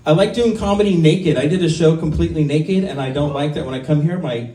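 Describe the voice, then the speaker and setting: A man's voice: on the high side, fast, warm tone. Crude, rambling man in his fifties. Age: 50s. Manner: self-deprecating, crude, rambling with many ums. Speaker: stand-up comic. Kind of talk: stand-up set at an open mic. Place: small comedy venue. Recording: roomy, mic heard from a distance.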